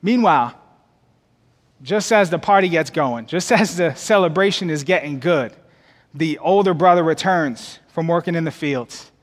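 A man preaching a sermon to his church, expressive and folksy, pushing higher and louder to drive points home. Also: normal speed. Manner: folksy, addresses the congregation as y'all. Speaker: pastor. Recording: long hall reverb.

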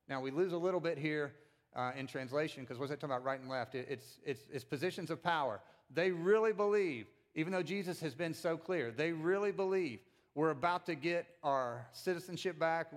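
A middle-aged man giving a conversational sermon as a pastor, animated and acting out voices of the people in the story. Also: on the high side.

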